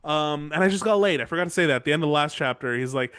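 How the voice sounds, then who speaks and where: Man, podcast host, playful, profane, rambling, high-pitched, dry room. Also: racing, fairly bright tone, clean tone, no room sound. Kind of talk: casual book-recap chat.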